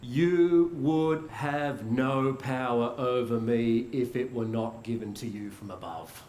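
A man voicing a beaten prisoner who answers with calm, quiet authority, low and solemn. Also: slow, a little hiss or hum, natural voice. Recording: roomy echo.

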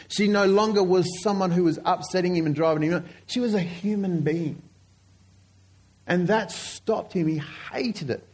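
A man preaching a sermon, telling stories earnestly and slowing down to stress key points. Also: sits high. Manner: earnest storytelling, slowing down for emphasis.

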